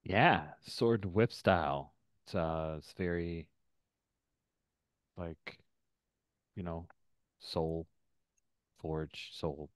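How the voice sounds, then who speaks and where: A man running an online tabletop role-playing game as game master, animated and playful, with murmured asides. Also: deep voice, very slow, pauses often, no room sound, clean studio sound.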